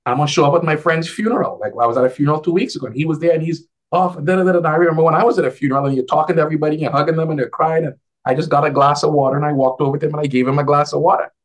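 A man talking casually as a guest on a video call, an advisor who tells animated stories and acts out the dialogue in a lifted voice. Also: on the high side, very fast, few pauses. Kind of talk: casual conversational storytelling.

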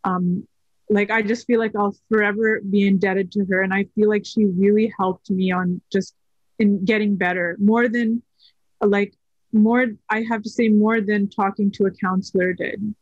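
A woman's voice: mid-range voice, fairly even intonation, moderate pace, no echo, dull audio. Hesitant woman sharing a personal story. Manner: soft-spoken, hesitant with many fillers. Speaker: podcast guest. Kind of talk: personal story in casual conversation.

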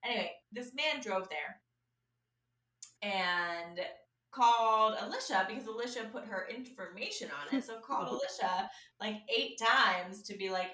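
A woman with a medium-pitched voice tells a story at a moderate pace in casual conversation, animatedly acting out the people she quotes. She's recorded from a distance in an echoey room, a bit off-mic.

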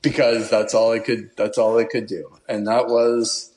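A man's voice: lowish voice, moderate pace, a crowd in the background. Man telling a travel story animatedly. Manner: animated, laughs while telling, puts on an Italian accent for quotes. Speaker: podcast guest. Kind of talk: casual storytelling.

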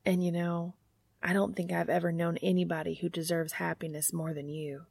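A woman's voice: fairly low pitch, little pitch movement, normal speed, creaky, a little mellow, slightly rough, no room sound, studio quality. A woman voicing an earnest younger brother who presses hard and gets exasperated.

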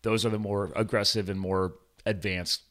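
A man's voice: fairly low pitch, fairly even intonation, normal speed, fairly bright tone. A man hosting a podcast interview, chatting enthusiastically and laughing often. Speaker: podcast host. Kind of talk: casual interview chat.

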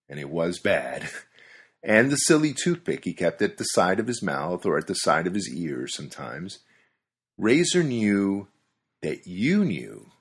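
A man's voice: low voice, slightly rough. A man reading a scripted monologue in a wry, conversational way, amused at times. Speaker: commentator.

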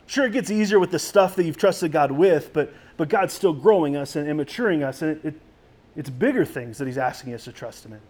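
A man's voice: fairly high pitch, animated, a little fast, darkish tone. A man preaching a sermon as a pastor in a conversational way, with frequent restarts.

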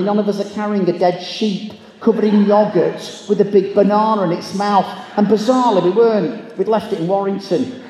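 In an echoey large hall, a motivational keynote speaker with a high-pitched, slightly mellow voice gives a humorous talk to a live audience. He tells comic stories and acts out the people in them, voicing their quoted lines.

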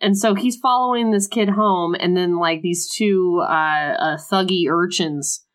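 A woman's voice: fairly low pitch, unhurried. A woman co-hosting a podcast who recaps a book's plot in chatty, playful asides. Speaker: podcast co-host. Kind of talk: casual book discussion.

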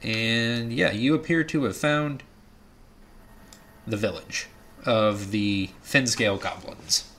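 A man's voice: lowish voice, slow pace, long pauses, a bit bright. A man running a tabletop game as game master, narrating with many hesitations and fillers.

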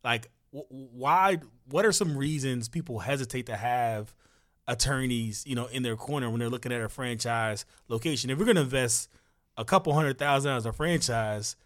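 A man hosting an interview podcast in a casual, encouraging way, with quick affirmations. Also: mid-range voice, fairly bright tone. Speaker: podcast host. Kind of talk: interview host, casual chat.

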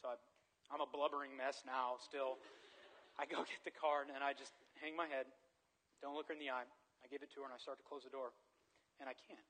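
Animated, bright-voiced male preacher. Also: medium pitch, fairly quick, pauses often, rough recording. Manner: animated storyteller, swings from loud excitement to quiet earnestness. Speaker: pastor. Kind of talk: sermon with personal story.

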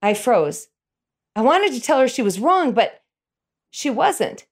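Middle-aged woman recounting family memories; animated, chuckly delivery with a bouncy, slightly high voice. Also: slow pace. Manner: animated, chuckles through her telling. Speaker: storyteller. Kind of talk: personal storytelling.

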